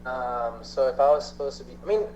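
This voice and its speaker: A man's voice: mid-range voice, lively intonation, fast talker, darkish tone, lo-fi sound, slight background noise. A young man with a Filipino accent, answering interview questions earnestly, switching between English and Tagalog with hesitant fillers. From Philippines. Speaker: guest actor. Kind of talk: casual interview chat.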